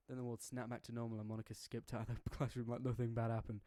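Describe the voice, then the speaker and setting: A man's voice: mid-range voice, flat delivery, racing, hardly any pauses, mellow, dry recording. A young man reading a fan story aloud, breaking off for casual, jokey, slangy asides. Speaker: story reader.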